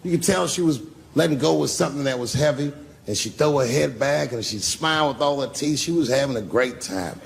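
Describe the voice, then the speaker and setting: A man's voice: medium pitch, brisk, vocal fry. A man performing a stand-up routine on a club stage, telling profane, loose stories and bantering with the crowd. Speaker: stand-up comedian. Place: comedy club stage with live audience.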